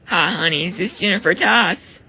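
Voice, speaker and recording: A woman voicing a brash, scrappy older female neighbor on a prank call, with a raspy, gravelly voice. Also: fairly low pitch, moderate pace, bright, forceful tone, full character voice. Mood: accusing. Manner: brash, accusing.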